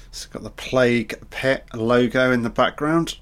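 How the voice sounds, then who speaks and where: A man's voice: mid-range voice, unhurried, a bit bright. A man giving a casual audio commentary on a film, chatty, joking and swearing a lot.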